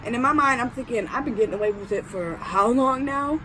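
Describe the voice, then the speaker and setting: A woman's voice: on the high side, a little fast, a little hiss or hum. A young woman vlogger telling a storytime, acting out the people in it and swearing casually. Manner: animated, acts out quotes, swears casually.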